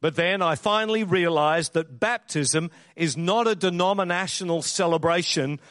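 A man preaching a sermon in a lively storytelling way, acting out the voices in his anecdotes. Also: on the high side, normal speed, dry recording. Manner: animated storyteller who acts out the voices.

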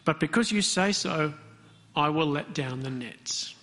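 A man's voice: fairly high pitch, animated, unhurried, pushed and bright. A man preaching a sermon, talking conversationally and putting questions to the congregation. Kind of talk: interactive sermon. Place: church hall. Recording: long hall reverb.

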